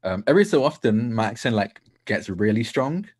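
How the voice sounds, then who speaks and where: A man's voice: on the low side, very animated, brisk, a little mellow, dry recording. A man from Essex with an Essex English accent, chatting as a podcast guest in a self-deprecating way. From Essex, England. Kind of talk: casual chat.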